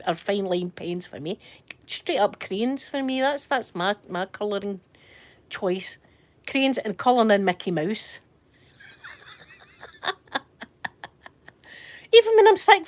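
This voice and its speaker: A Scottish woman chatting casually from bed during a livestream, telling rambling stories and answering viewer comments. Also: medium pitch. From Scotland. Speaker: livestream host. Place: in bed at home.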